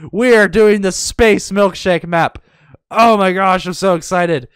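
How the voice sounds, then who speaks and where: High, excitable male gamer. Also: unhurried, smooth, no room sound. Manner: excitable, panicky yelps and dramatic pleading; sarcastic, mock-indifferent asides. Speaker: gaming YouTuber. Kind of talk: casual gameplay commentary.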